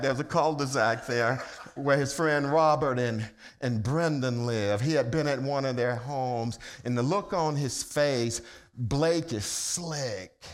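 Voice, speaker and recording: A male pastor with a fairly high voice tells a story from the pulpit at an unhurried, deliberate pace. He jokes with the congregation and moves from hushed, low narration to loud, excited shouts as the story builds. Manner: humorous, conversational preaching with the congregation. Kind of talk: storytelling sermon. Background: congregation laughter.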